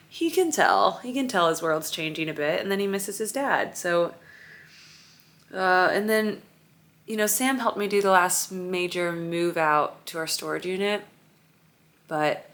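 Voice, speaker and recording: At home in her apartment mid-move, a vlogger and mother in her thirties rambles through a confessional chat, tired and emotional. She sounds weary and overwhelmed, her voice on the low side with a fairly bright tone.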